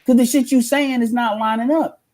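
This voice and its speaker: A man's voice: extremely high pitch, steady tone, a little fast, darkish tone, slight background noise. A man giving casual reaction commentary as a streamer, ranting in a heated, profane way.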